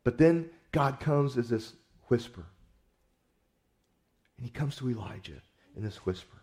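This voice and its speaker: A man's voice: medium pitch, animated, unhurried, darkish tone. Folksy, conversational male preacher. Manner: conversational storytelling, folksy, repeats words. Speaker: pastor. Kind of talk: sermon.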